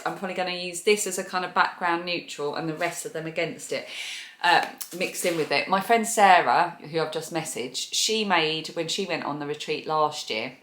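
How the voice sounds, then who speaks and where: Brief: low-pitched woman, rambling yarn-podcast chat in an echoey room. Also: fairly bright tone, a little hiss or hum. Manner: chatty and scatterbrained, laughing at her own memory. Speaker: crochet and knitting podcaster. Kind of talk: casual chat showing yarn.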